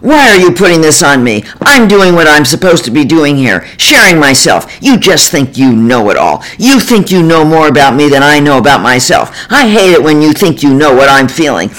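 A man voicing a defensive, angry husband in a counseling session who yells accusations. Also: mid-range voice, a little slow, natural voice, rough recording. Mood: furious. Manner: yelling, accusing. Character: defensive angry middle-aged man in therapy.

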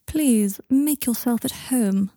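A woman's voice: medium pitch, normal speed, creaky, mellow, slightly rough, no room sound, clean studio sound. A woman reading the part of an aloof, sardonic male wizard in an audiobook, cool and drily polite. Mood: haughty.

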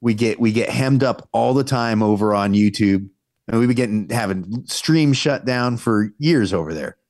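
An opinionated man co-hosting a casual live stream, his pitch leaping up as he gets worked up. The sound is dry and close, with no room echo. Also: normal speed, a little mellow. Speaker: podcast co-host.

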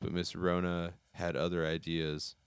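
A laid-back podcast co-host chats about fan videos, stumbling through fillers and laughing often. The voice is very low. The sound is dry and close to the mic. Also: level tone, measured pace, smooth, dry recording. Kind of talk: casual chat, reacting to fan videos. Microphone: mic on a stand.

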